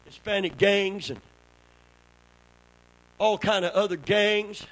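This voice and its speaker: A man's voice: high voice, slow pace, fairly bright tone, no echo, poor audio. A man with a Southern American accent preaching a sermon to a small congregation, calling for responses and telling folksy stories that build to fervent peaks. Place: church before a small congregation.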